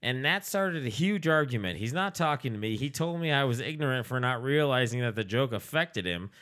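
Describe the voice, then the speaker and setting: A man's voice: medium pitch, expressive, fairly quick, fairly bright tone. A man co-hosting a casual comedy podcast, joking and reading a listener's letter aloud. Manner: joking, reads listener letters aloud, does silly voices. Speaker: podcast co-host.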